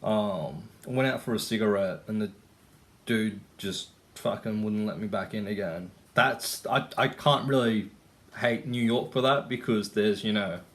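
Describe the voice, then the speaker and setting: A man's voice: on the low side, a little slow, a bit bright. A young man ranting and telling stories in a casual vlog, rambling and swearing, full of "like" and "you know". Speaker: vlogger. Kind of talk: casual rant storytelling.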